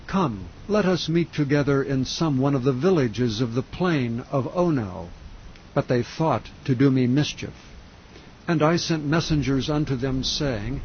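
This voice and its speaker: A man reading scripture aloud in a slow, even, measured way, calm enough for sleep. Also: medium pitch, dull audio, slight background noise. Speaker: scripture reader. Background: faint rain sound.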